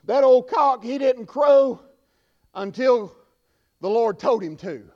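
Man, preacher, sermon, hushed to shouting, very high voice, muffled lo-fi recording. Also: takes it slowly. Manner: swings from hushed asides to shouted peaks. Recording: dull lo-fi recording.

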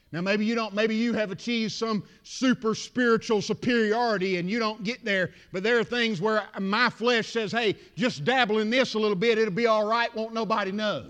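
A male pastor preaching a sermon, building from quiet talk to shouted crescendos. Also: high-pitched, clear, resonant tone.

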